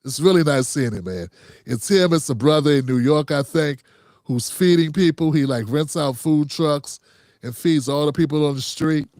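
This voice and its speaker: A man's voice: medium pitch, darkish tone, no echo, clean studio sound. A middle-aged man hosts a casual livestream commentary show in a loose, conversational way, calling his viewers fam.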